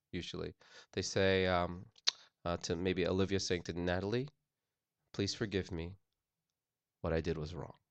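Deep-voiced man preaching, dry sound. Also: smooth, dry recording. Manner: earnest, repeats phrases with restarts. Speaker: pastor. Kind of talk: sermon on forgiveness.

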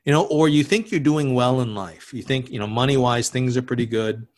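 A pastor delivers a conversational sermon a little fast, his voice medium-pitched, often restarting and throwing in asides, and sinking to a hush on solemn words.

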